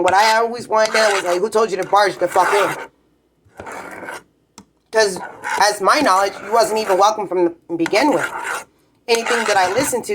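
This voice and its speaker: A woman's voice: mid-range voice, noisy background. A woman in a heated, rambling monologue, swearing constantly as she vents. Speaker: vlogger. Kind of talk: profane ranting monologue.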